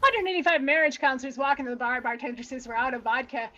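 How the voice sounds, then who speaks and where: A woman's voice: high-pitched, fast, sharp tone, highs cut off. A woman improv player telling short, light jokes.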